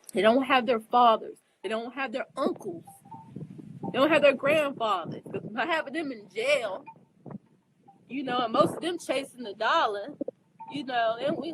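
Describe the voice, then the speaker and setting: A high-pitched woman, recorded poorly with slight background noise, talks casually to her viewers as an astrologer giving advice. She's earnest, emphatic and preachy, speaks to them directly, lets her emotions show, and keeps checking whether they understand.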